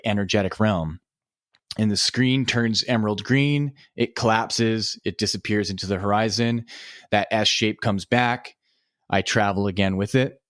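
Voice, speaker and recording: A man, a podcast guest, telling a story in a relaxed, casual way, with lots of filler words and swearing. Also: on the low side, no room sound, clean studio sound.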